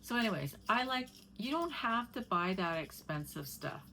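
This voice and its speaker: A woman's voice: mid-range voice, big pitch swings, moderate pace, sharp tone, slight background noise, poor audio. A middle-aged woman chatting casually to camera at home, rambling and talking to her cat between stories. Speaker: vlogger.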